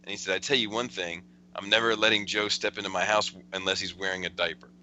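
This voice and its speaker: A man's voice: low-pitched, fairly even intonation, fast, bright, forceful tone, rough recording. A man hosting a casual podcast, chuckling as he rambles through a friend's text messages. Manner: chuckling, rambling storyteller with restarts. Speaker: podcast host.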